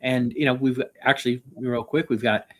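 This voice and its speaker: A man hosting an interview, asking questions in an animated way and often adding "right?" as he goes. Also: mid-range voice, normal speed, slight background noise. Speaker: podcast host. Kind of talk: conversational interview.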